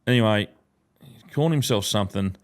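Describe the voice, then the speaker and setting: A man's voice: on the low side, brisk. An Australian man hosts a podcast from a studio in casual chat. He tells stories in a looping, sweary way, stopping and restarting mid-thought. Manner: swearing, rambling storyteller with frequent restarts. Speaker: podcast host and comedian.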